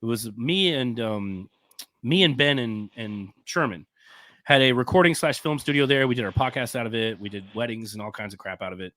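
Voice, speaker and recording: A man, a film producer, telling a profane, animated anecdote as a guest on a podcast. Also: mid-range voice, fairly quick, no echo. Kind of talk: podcast storytelling.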